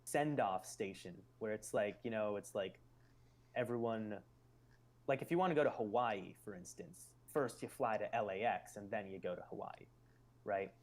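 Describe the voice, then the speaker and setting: A man's voice: lowish voice, moderate pace. A man hosting a live stream, explaining ideas in casual chat and musing aloud with loose fillers.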